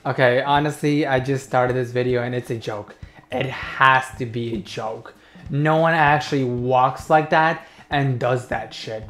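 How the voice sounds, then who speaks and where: A man's voice: mid-range voice, steady tone, measured pace, a bit bright, reverberant. A young man giving reaction commentary as a YouTuber, mocking, incredulous and sweary.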